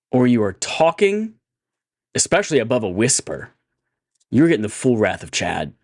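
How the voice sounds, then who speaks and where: Podcast dude telling stories, swears a ton, animated, dry close mic. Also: male voice, mid-range voice, dry recording. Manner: animated, profane storytelling. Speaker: podcast co-host. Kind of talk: casual chat, storytelling.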